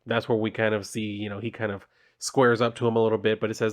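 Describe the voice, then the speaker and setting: A man's voice: fairly low pitch, level tone, fast talker, few pauses. Offhand man reviewing a comic. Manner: loose, offhand, informal.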